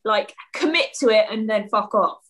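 A woman chatting as a podcast guest, opinionated and quick to laugh. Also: mid-range voice, fairly bright tone, poor audio. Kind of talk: casual chat.

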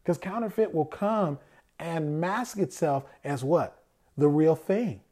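A man delivers a conversational sermon in a fairly high yet warm, mellow voice. He keeps asking his listeners rhetorical questions and then answers them himself. Now and then he slips into the voices of the people he quotes. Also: animated, takes it slowly.

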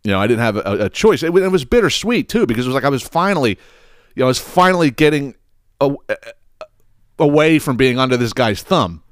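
A man hosting a podcast, telling a personal story in a casual, profane, animated way, laughing often and restarting his sentences. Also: mid-range voice, a little fast, no echo, studio quality. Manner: many fillers and restarts. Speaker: podcast host.

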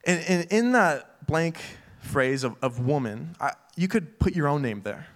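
A man's voice: on the high side, lively intonation, moderate pace, hardly any pauses. A young man preaching a casual sermon full of fillers, acting out little quoted voices as he talks.

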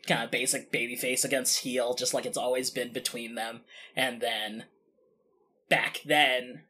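A man narrating as game master of a tabletop game, describing scenes slowly and laughing often. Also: mid-range voice, sharp tone, husky.

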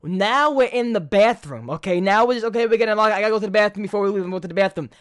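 A young man co-hosting a podcast, telling a long story in a profane, rambling way, his voice jumping up when he gets excited. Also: high-pitched, very fast, clear, resonant tone. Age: young adult. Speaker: podcast co-host. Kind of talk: casual chat.

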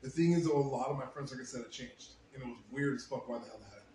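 A young man telling a long, profane story in a casual podcast chat, getting loud when he quotes himself. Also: mid-range voice, rapid-fire. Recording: roomy echo, faint ambient noise.

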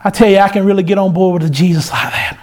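A man's voice: high-pitched, quick pace. A man preaching a sermon, in an impassioned cadence that rises and falls.

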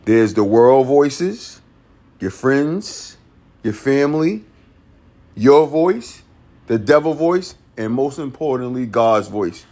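Lively, slow-talking man giving a pep talk. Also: a little high. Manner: dramatic, repeats phrases, laughs between lines. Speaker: motivational podcast host. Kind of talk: inspirational monologue.

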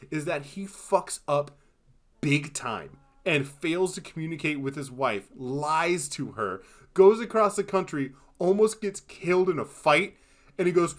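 A man co-hosting a film podcast, talking casually and with animation, swearing freely and acting out quotes in exaggerated voices. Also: high voice. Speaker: podcast co-host. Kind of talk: casual chat.

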